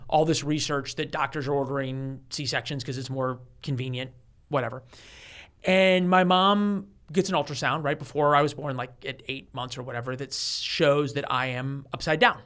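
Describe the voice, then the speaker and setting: Animated storyteller man in his forties. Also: mid-range voice, normal speed. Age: 40s. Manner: animated storyteller who acts out quoted voices, with frequent restarts. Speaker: guest author. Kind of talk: storytelling in a conversational interview.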